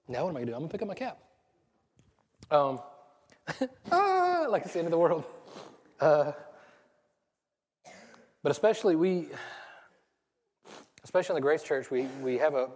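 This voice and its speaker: Speaking in a medium-pitched, slightly mellow voice, this Southern US pastor in his thirties gives a loose, conversational sermon full of self-deprecating asides. He rambles and laughs at his own stories, with long reverb filling the church sanctuary.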